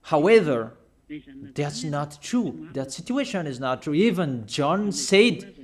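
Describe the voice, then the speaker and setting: A man with a rather high-pitched voice delivers a stern sermon. He admonishes his listeners emphatically, pausing between phrases and pressing them with rhetorical questions. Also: sing-song. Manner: admonishing, emphatic, slow deliberate phrasing with pauses. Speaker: preacher.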